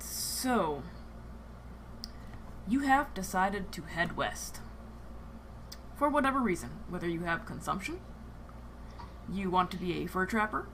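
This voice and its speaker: Bright-voiced woman narrating a tabletop game. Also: fairly low pitch, slight background noise. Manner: chatty, laughs often, trails into filler words. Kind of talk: casual narration of a live-streamed tabletop game.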